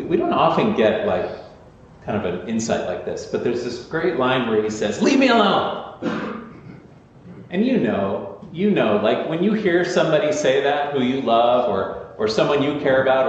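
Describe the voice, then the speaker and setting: A man's voice: medium pitch, a little hiss or hum. A male pastor giving a sermon, earnest and conversational, with emphatic repetition. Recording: echoey church hall, slightly dull sound.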